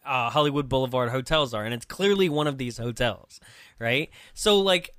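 Guy on a comedy podcast, bright tense voice, laughs a lot, dry close sound. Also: mid-range voice, normal speed, no echo. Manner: laughs often, acts out characters in voices. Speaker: podcast co-host. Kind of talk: casual comedic movie recap.

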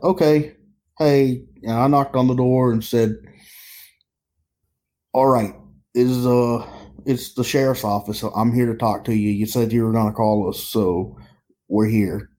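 A sheriff's deputy recounts a call in an interview. His voice is mellow and relaxed, and he talks haltingly, repeating and restarting his words. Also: medium pitch. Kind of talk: interview storytelling.

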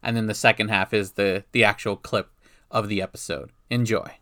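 A man's voice: lowish voice, steady tone, normal speed, fairly bright tone, no echo, studio quality. A man hosting a podcast from home, talking casually and laughing often. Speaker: podcast host. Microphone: remote podcast mic at home.

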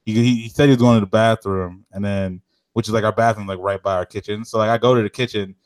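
A man's voice: on the low side, fairly even intonation, fast talker, no echo, clean studio sound. Slangy young man ranting animatedly. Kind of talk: casual chat.

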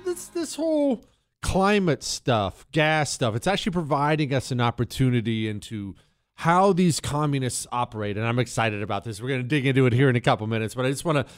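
A man's voice: medium pitch, animated, a little fast, smooth, no echo, studio quality. A man hosting a talk radio show, delivering an emphatic monologue full of rhetorical questions. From Texas.

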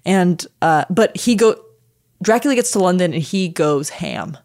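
A woman co-hosting a podcast, recapping fast in casual chat and giggling. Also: on the low side, animated, a little mellow. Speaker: podcast co-host.

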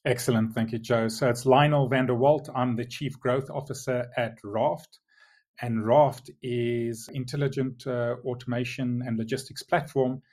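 A middle-aged man with a South African accent answers interview questions at an even middle pitch. He explains things in a measured way, often restarting a phrase before he carries on. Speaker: guest, logistics executive. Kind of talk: remote podcast interview.

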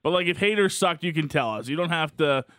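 A man's voice: a little high, expressive, a little fast, fairly bright tone, dry recording. A man hosting a casual sports radio chat, teasing his guest and laughing easily. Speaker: radio show host.

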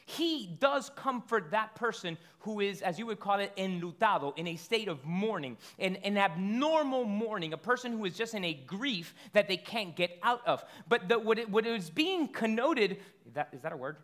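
Guy preaching a sermon, kinda high voice, chatty, lots of can i tell you and restarts. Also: expressive, moderate pace, few pauses, fairly bright tone. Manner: conversational preaching with rhetorical questions and frequent restarts. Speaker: pastor.

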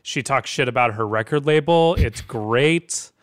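A man's voice: mid-range voice, unhurried, dry recording, clean studio sound. A man co-hosting a music podcast, chatting in a laid-back, jokey way with sarcastic asides. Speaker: podcast co-host. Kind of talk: casual chat.

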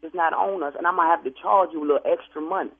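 Man, high husky voice, fast, defensive and stammering, phone line sound. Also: fairly even intonation. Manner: defensive, stammering, quick to push back. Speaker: funeral home worker. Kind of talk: heated phone argument.

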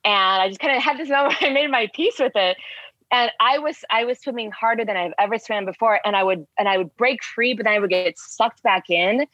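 A woman's voice: fairly high pitch, a little fast, dry recording. Chatty woman telling a story, dull dry sound. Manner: rambling with many "like" fillers, animated retelling. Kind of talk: casual storytelling.

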